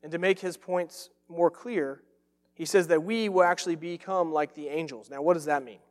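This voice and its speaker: A man preaches with an earnest, emphatic delivery, leaning on repeated phrases to drive each point home. His voice sits a little high for a man, and it rings out with a long reverb tail, as if he were in a large sanctuary. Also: moderate pace. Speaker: pastor. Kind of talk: sermon.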